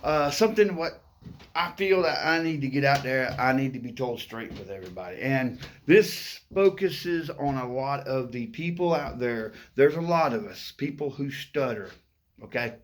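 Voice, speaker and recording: A man of fifty, talking straight to his viewers in a casual vlog, direct and earnest, pausing with "uh" now and then. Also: medium pitch, animated. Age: 50s. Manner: direct and earnest, addressing viewers, with filler "uh" pauses. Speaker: YouTuber.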